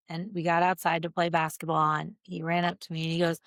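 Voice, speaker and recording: Female guest, lowish voice, earnest storyteller, dry close mic. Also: a little fast, no echo. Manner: earnest, animated storyteller acting out quotes. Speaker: guest, nonprofit founder. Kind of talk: casual interview conversation.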